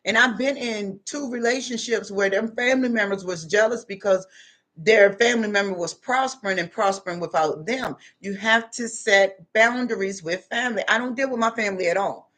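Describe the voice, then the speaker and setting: A woman's voice: a little high, normal speed, a bit bright. Blunt middle-aged woman giving advice. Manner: blunt, streetwise, plain-spoken. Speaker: vlogger giving life advice. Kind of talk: casual monologue to camera.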